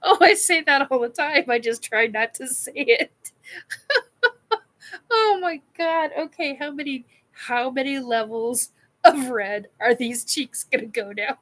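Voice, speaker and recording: A woman's voice: high voice, a little slow, a bit bright. A woman hosting a casual live chat, giddy, laughing often and swearing while she answers comments. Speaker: live stream host. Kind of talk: casual live chat reacting to a painting video.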